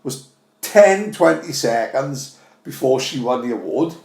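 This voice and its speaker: A man's voice: medium pitch, lively intonation, measured pace, vocal fry, a little mellow. A man, co-hosting a casual chat, telling stories and swearing freely. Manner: storytelling, swears freely, acts out quotes. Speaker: podcast co-host. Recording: roomy echo.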